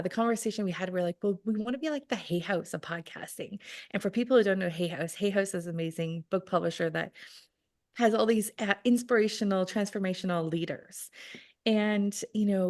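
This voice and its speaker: A woman's voice: mid-range voice, darkish tone. A woman guesting on a podcast, talking in a bubbly, gushing and enthusiastic way about her work. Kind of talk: casual interview chat.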